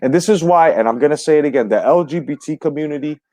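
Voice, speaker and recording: A man's voice: fairly high pitch, fast talker, mellow, dry recording. A man hosting a live stream from the United States, ranting with heavy profanity and greeting viewers in the chat. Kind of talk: heated live stream commentary.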